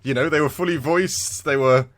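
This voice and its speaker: A man's voice: a little high, brisk. A man co-hosting a podcast, chatting casually about retro games and telling stories with frequent laughter. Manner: animated, laughing storyteller. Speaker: podcast co-host.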